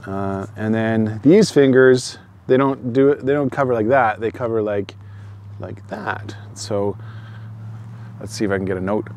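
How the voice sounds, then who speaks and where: Unhurried and lowish, with a darkish tone, a channel host talks himself through his first go at bagpipes in a casual outdoor solo vlog. He laughs at himself as he thinks out loud, and a little hiss or hum is audible.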